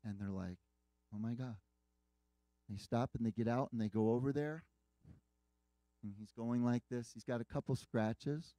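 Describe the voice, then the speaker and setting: A man's voice: mid-range voice, normal speed, mellow, no echo. A man preaching a sermon, earnestly retelling a dramatic story with quoted dialogue.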